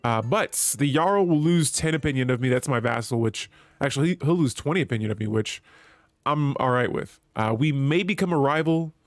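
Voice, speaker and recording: A man's voice: medium pitch, animated, fairly quick, dry recording. A man streaming a strategy game, chatting with viewers and reading the in-game text aloud. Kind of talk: live gameplay commentary.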